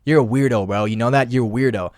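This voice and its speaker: A man voicing a brash, fickle young male roommate who flatters and then taunts in slang. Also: medium pitch, quick pace, no echo, studio quality, close to an everyday voice. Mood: mocking.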